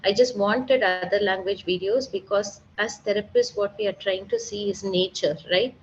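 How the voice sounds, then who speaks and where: A woman's voice: medium pitch, lively intonation, moderate pace. A woman speech therapist talks a seminar audience through her methods, explaining step by step and sounding out examples herself. The recording is slightly dull and muffled, with a faint hiss underneath her voice. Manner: patient, explanatory, demonstrates sounds aloud. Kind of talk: seminar lecture.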